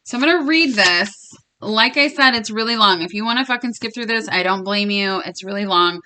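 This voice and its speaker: A young woman chatting casually in a tarot reading vlog, blunt and quick to swear, laughing often. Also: mid-range voice, bright, forceful tone, slight background noise. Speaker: tarot reader and vlogger.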